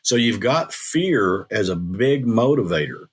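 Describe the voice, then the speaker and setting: A man's voice: fairly low pitch, big pitch swings, unhurried, breathy edge. An older man speaking as an interview guest, telling stories in an earnest, plain-spoken way with restarts. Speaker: guest, former state legislator. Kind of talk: casual interview talk.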